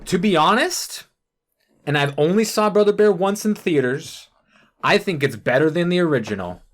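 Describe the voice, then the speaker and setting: A podcast co-host in casual chat, ranting with a lot of swearing and halting restarts. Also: medium pitch, expressive.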